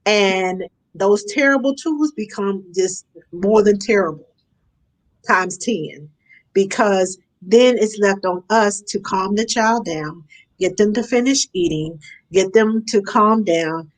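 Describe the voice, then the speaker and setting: A woman talking as a nanny in a casual conversation, animated and acting out the parents and children she describes. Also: medium pitch. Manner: animated, acts out parents and kids in quick asides. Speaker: nanny guest.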